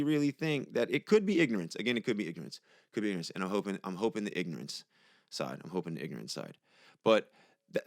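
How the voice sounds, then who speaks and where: A man's voice: medium pitch, a bit bright, no echo. Young male podcast host, angry and profane, casual delivery, dry close sound. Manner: profane, heated, conversational. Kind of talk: casual monologue.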